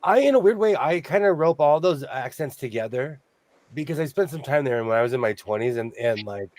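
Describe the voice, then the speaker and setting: A man's voice: mid-range voice, expressive, a little fast, a little mellow, dry recording. An older man hosting a sewing livestream, chatting casually and jumping between topics. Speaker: sewing show host.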